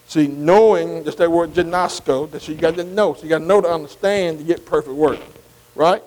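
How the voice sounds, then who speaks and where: A man's voice: a little high, steady tone, moderate pace, a little mellow, low-quality recording. An older man teaching a Bible study sermon, filling his talk with "see?", "amen" and questions to the room. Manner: repetitive call-and-response, many "see" and "amen" asides. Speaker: pastor.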